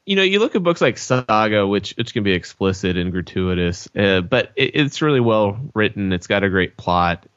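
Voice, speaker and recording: A man's voice: lowish voice, very animated, moderate pace, hardly any pauses, a bit bright, no room sound. A man hosting a casual chat, wry and steering the topic along. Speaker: podcast host. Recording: dull lo-fi sound.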